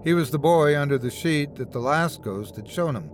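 A man's voice: on the high side, lively intonation, moderate pace, faint music behind. Man narrating a horror story.

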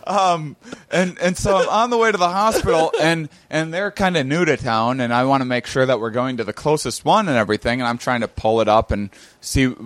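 A male comedian telling a rambling, animated story in casual chat, acting out the other people in it and laughing often. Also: mid-range voice, dry recording. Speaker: comedian guest.

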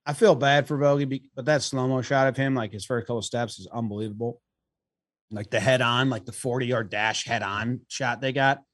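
A man co-hosting a casual sports podcast, telling stories with swearing and lively put-on quotes. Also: mid-range voice, moderate pace, no room sound, studio quality. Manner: profane animated storyteller. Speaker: podcast co-host.

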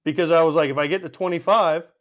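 Fast, high-voiced storytelling man. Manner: animated, profane storyteller acting out quotes. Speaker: podcast co-host and former teammate. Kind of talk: casual storytelling chat.

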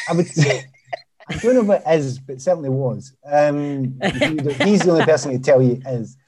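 A man's voice: fairly high pitch, moderate pace, noisy background. A man from Glasgow with a Glaswegian accent, a former footballer telling stories as a chatty, self-deprecating podcast guest. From Easterhouse, Glasgow, Scotland. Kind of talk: casual podcast interview.

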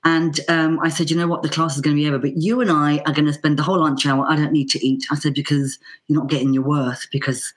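Lively Irish woman telling a story. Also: sits low, fast. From Ireland. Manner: lively, acts out quoted voices with lots of fillers. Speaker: banjo player and teacher guest. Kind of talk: casual anecdotal storytelling.

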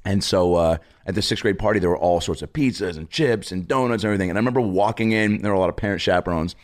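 A man with a notably deep voice chats casually as a podcast guest. He tells stories with comic timing, often leaping up in pitch to act out the people he quotes. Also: racing. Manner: animated storyteller, acts out quoted people with big pitch jumps. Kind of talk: casual storytelling chat.

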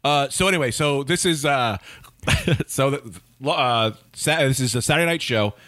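A man's voice: mid-range voice, moderate pace, no echo. A man hosting a comedy podcast, telling an exaggerated story and acting out the voices in it. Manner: animated, acts out voices in his stories.

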